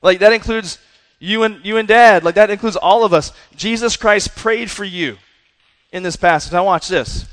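Male youth preacher with a high voice, punchy and conversational, recorded in a big reverberant hall. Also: normal speed. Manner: energetic, repeats "right?" and "listen". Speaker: youth pastor. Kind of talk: sermon to young people.

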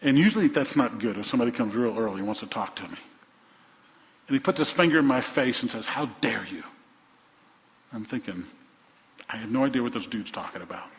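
Middle-aged male pastor, mid-pitched, emphatic storytelling sermon, muffled recording with a big hall echo. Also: lively intonation, fast talker. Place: large church sanctuary. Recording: dull church recording with long reverb.

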